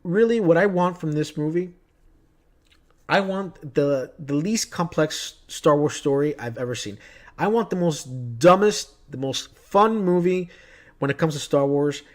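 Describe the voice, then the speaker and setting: A man's voice: on the high side, animated, unhurried. A man vlogging casually about movie news, chatty and opinionated, telling stories from his day. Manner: chatty, opinionated, tells anecdotes.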